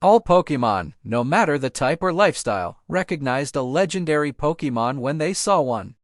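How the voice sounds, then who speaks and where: Male audiobook narrator, steady storybook reading, fairly high voice, dry close sound. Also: normal speed, no room sound. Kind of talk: fan fiction audiobook narration.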